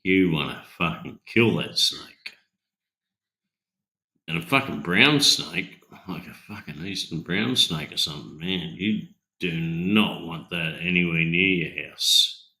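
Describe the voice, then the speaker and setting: A man's voice: low voice, takes it slowly, bright, forceful tone. An Australian man in casual chat, rambling and emphatic, swearing constantly. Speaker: host. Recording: echoey room.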